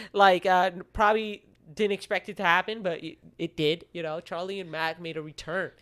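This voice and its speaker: Male podcast co-host, high voice, upbeat and rambling, casual. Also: level tone, normal speed, fairly bright tone, smooth. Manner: rambling and upbeat, agrees often. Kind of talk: casual chat.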